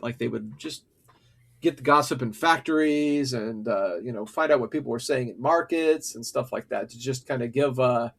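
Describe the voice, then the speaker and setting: A man co-hosting a history podcast, reading passages from an article aloud and then breaking off into loose commentary full of fillers and restarts. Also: medium pitch. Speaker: podcast co-host.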